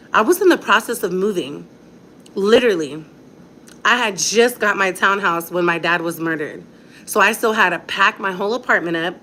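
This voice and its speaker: A mother vlogs into her phone at home late at night, pushing back in an emphatic, defiant rant. She repeats her points and keeps her voice at a plain, middling pitch. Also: a bit bright, slight background noise. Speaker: mother and vlogger. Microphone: phone on a ring light setup.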